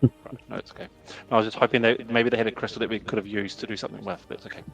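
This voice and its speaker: Brief: quick male player, stumbling over his questions, faint music behind. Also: on the low side, fairly even intonation, creaky, highs cut off. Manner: halting questions, restarts and fillers. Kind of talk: casual chat.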